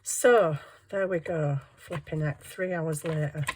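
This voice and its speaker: Woman, low voice, chatty and self-mocking, crafting at home with faint background noise. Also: slow, a little mellow, rough recording. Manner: chatty, self-deprecating, talking to herself while working. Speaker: junk journal crafter. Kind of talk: casual craft tutorial chat.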